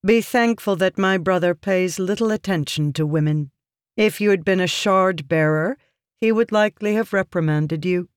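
A reader voicing a stern, cold noblewoman of high birth who speaks flatly and commandingly in an audiobook. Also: moderate pace, clear, resonant tone, dry recording, clean studio sound, close to an everyday voice. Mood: reproving. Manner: flat, clipped, commanding.

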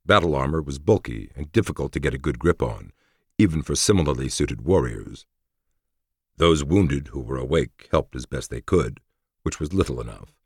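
A man narrating a story in a measured, even storytelling manner with a gravelly voice. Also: very deep voice, dry recording, clean studio sound. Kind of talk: audiobook narration.

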